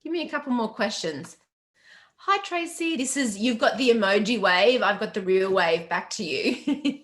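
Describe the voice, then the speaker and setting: A woman's voice: mid-range voice, expressive, normal speed, fairly bright tone. A middle-aged Australian woman, a business coach, chatting on a live Q&A stream, upbeat and chatty, greeting viewers by name and laughing often. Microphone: webcam or laptop mic on a video call.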